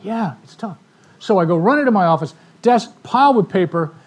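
A man telling stories in a sermon to a live audience, animated, acting out the voices of the people in his stories. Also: high-pitched, a little fast, breathy edge. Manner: animated storyteller, acts out quoted voices. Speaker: ministry speaker. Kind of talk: storytelling sermon talk.

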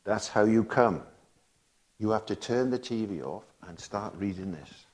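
A man's voice: lowish voice, lively intonation, unhurried, a little mellow. A man preaching a sermon, emphatic and full of rhetorical questions to the congregation, reading scripture aloud as he goes. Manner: reads and quotes scripture aloud.

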